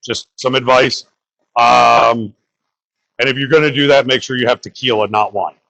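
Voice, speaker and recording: A man's voice: mid-range voice, fairly even intonation, moderate pace, creaky, pushed and bright, low-quality recording. A young man from the Bronx doing crude, rambling open-mic stand-up and talking to the crowd. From New York (the Bronx). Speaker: stand-up comedian.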